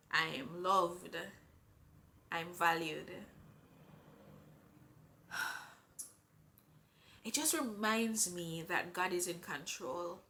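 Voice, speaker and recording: Her lowish voice bright and forceful, a pregnant Jamaican-accented woman gives heartfelt, unhurried vlog talk marked by earnestness and strong faith. A little hiss or hum sits under the recording.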